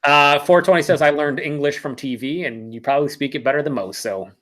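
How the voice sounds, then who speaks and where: A man's voice: fairly high pitch, a little fast, a bit bright. Wry man reading out chat comments. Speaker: co-host reading viewer comments. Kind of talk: casual livestream chat.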